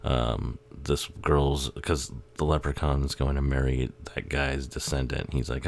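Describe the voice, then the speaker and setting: A man with an unusually deep, low voice talks through a movie in a loose, rambling way. He swears freely, chuckles often, and drifts off mid-thought before picking up again. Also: level tone, a little slow, creaky, hardly any pauses. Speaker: YouTube movie commentator. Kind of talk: casual rambling film commentary.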